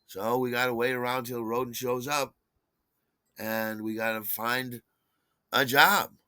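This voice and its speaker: A man's voice: mid-range voice, little pitch movement, unhurried, pushed and bright, no room sound. An older man telling a personal story in a wry, conversational way. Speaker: podcast host.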